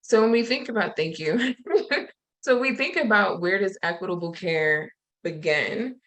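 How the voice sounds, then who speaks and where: A woman presenting over a video call who leads a slow, soothing breathing exercise and reads affirmations aloud. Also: medium pitch, low-quality recording. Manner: soothing, slow guided meditation cues, warm affirmations. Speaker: summit presenter.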